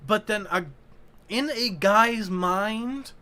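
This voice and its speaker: A man's voice: high voice, takes it slowly, bright, forceful tone, clear, resonant tone. A young man in casual chat who rambles, searching for words with lots of fillers.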